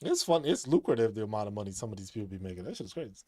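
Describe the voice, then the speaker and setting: A man's voice: on the low side, sing-song, very fast, dark tone, no room sound, clean studio sound. A man talking casually as a streamer, rambling, repeating himself and laughing often. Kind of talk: casual monologue.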